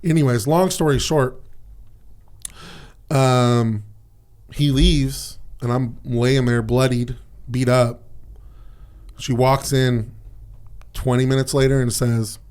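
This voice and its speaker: A man's voice: mid-range voice, fairly even intonation, slow pace, long pauses, a little mellow. A man in a mid-range voice tells personal stories on a podcast, speaking frankly and casually. He swears freely and peppers his talk with "man" and "dude". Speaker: podcast guest.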